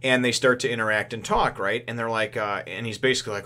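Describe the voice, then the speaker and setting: A man's voice: medium pitch, steady tone, fast, pushed and bright. A man giving a casual spoken review of a manga chapter. He rambles, chuckles often and leans on lots of fillers as he retells the plot.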